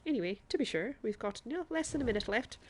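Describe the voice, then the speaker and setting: A woman's voice: on the high side, lively intonation, fast talker, a little hiss or hum. A woman streamer chatting to her viewers in a put-on Irish accent while she plays a game, often laughing as she talks. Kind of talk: live gameplay commentary.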